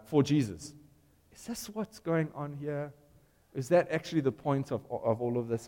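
A man's voice: on the high side, warm tone, long reverb tail. A man preaching a sermon in a conversational, storytelling way, putting questions to the congregation.

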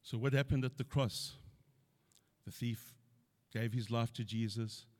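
A man's voice: mid-range voice, steady tone, measured pace, darkish tone. A middle-aged man preaching a sermon, earnestly quoting scripture and building to emphatic points.

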